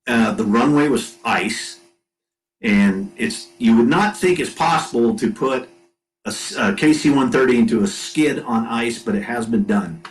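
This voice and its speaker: A man guest on a casual podcast, telling a lively flight story and acting out the crew's dialogue. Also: mid-range voice, measured pace, poor audio. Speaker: guest, former Marine aircrewman.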